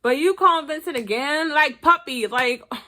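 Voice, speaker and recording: A woman giving blunt, profane, animated commentary as she reviews a reality TV episode. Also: high-pitched, normal speed. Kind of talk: casual commentary vlog.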